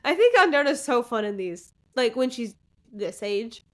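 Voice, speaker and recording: A woman's voice: fairly high pitch, sing-song, normal speed. A woman co-hosting a podcast, casually recapping a book in a chatty way. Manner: chatty recapper, quotes characters in passing. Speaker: podcast co-host.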